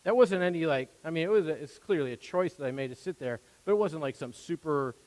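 A man's voice: fairly high pitch, lively intonation, fast, darkish tone. A man preaching a sermon from the pulpit as pastor, earnest and conversational, with rising emphasis and asides. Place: church sanctuary. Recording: long hall reverb.

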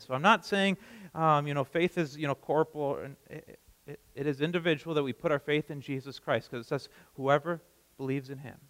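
Guy preaching a sermon kinda casually, lots of restarts, voice a bit on the high side, long echoey church reverb. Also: a bit bright. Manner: conversational preaching with frequent restarts. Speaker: pastor.

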